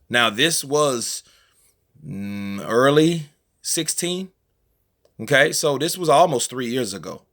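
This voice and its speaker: A man's voice: medium pitch, sharp tone. A man hosting a boxing news channel, commenting in a rambling, conversational way with many fillers. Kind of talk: casual commentary vlog.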